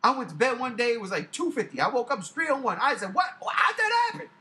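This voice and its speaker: A man's voice: extremely high pitch, lively intonation, fast talker, pushed and bright. A man in his forties hosting his own channel, ranting casually to camera in a profane, emphatic way that repeats points for effect. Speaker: YouTube channel host.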